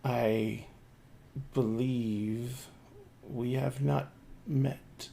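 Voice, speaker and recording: A man voicing a cold, courtly male noble lord who speaks slowly and formally. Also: mid-range voice, steady tone, gravelly, a little hiss or hum, pitched below the performer's own voice. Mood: courtly, hushed. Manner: slow, hushed, formal.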